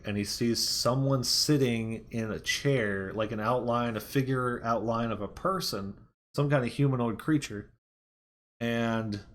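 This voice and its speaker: A man giving a casual movie review, retelling the plot in a rambling way with fillers and restarts. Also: mid-range voice.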